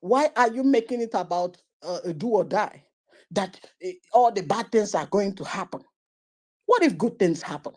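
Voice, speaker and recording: A woman hosts a live audio-room talk, her voice mellow and soft-edged. She argues persuasively, driving her points home with rapid rhetorical questions. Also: mid-range voice, expressive. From Nigeria. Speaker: host.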